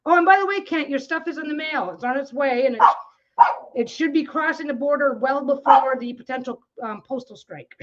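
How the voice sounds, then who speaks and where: A woman's voice: high voice, a little fast, muffled recording. A woman vlogging while she quilts at home. She chats casually with many restarts and coos at her dogs. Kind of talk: casual chat while crafting.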